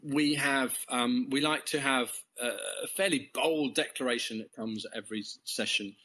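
English man, Christian guest, bright tense tone, rambling with restarts and chuckles. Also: mid-range voice, moderate pace. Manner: rambling, with many false starts and little laughs. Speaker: guest, Christian course leader. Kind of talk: casual testimony in conversation.

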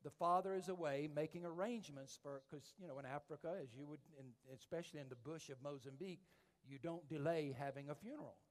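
A man preaching a sermon and telling stories, swinging from hushed tones to loud, emphatic calls. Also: on the high side, fast. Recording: echoey hall reverb.

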